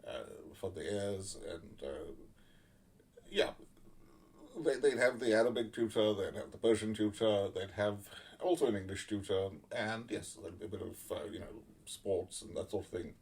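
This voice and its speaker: A man giving casual spoken commentary, blunt and sardonic, swearing freely and pausing often on fillers. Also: lowish voice, creaky, a little mellow. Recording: voice a little far from the mic.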